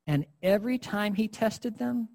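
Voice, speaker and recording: A man's voice: high-pitched, expressive, measured pace, creaky, a little mellow. A man preaching a sermon in an earnest, emphatic way, addressing his listeners directly.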